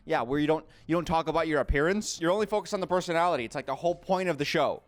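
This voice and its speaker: A man's voice: on the high side, fast talker, few pauses, clear, resonant tone. A man hosting a video, giving jokey, sarcastic commentary. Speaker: video host. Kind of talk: comedic commentary.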